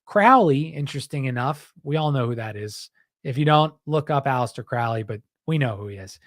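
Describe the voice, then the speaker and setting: A man's voice: medium pitch, dry recording, clean studio sound. A man hosting a podcast, talking in a rambling, heated, casual way and often saying "dude". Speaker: podcast host.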